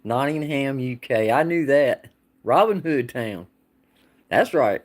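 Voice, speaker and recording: A man's voice: medium pitch, expressive, takes it slowly. A man hosting a casual livestream, answering viewers in a rambling, folksy way and laughing often. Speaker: livestream host.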